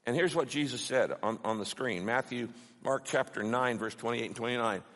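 A middle-aged man preaching a sermon, passionate and emphatic, building to loud peaks. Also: mid-range voice, moderate pace. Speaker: pastor. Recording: long hall reverb.

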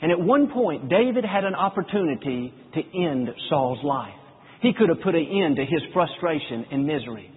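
Husky-voiced preacher in an echoing hall. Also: male voice, a little high, big pitch swings. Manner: earnest storytelling preacher, slows for scripture quotes. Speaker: pastor. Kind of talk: sermon. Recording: phone-like sound with long hall reverb.

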